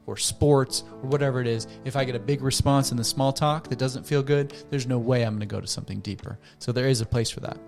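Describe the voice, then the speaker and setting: A man working as a counselor, calmly teaching a conflict technique and acting out sample dialogue between partners. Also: medium pitch. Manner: calm, demonstrates dialogue by acting out both partners. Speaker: therapist. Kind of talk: educational talk to camera.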